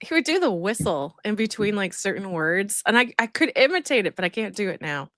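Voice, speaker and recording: A woman with a bright, tense voice chats casually on a podcast, sharing memories. Her pitch moves a lot, and the sound is dry and close. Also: big pitch swings, a little fast, no echo. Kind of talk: casual chat.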